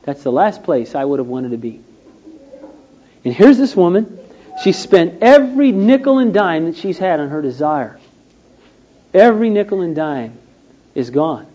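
Male preacher, slightly high, warm voice, storytelling sermon, dull lo-fi recording. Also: lively intonation, moderate pace, long pauses. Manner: storytelling with acted-out quotes, rising and falling emphasis.

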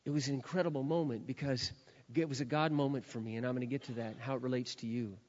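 A man preaching a sermon in a lively storytelling style, retelling a scene with dramatic acted quotes. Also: medium pitch, fast talker. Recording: dull lo-fi with long hall reverb.

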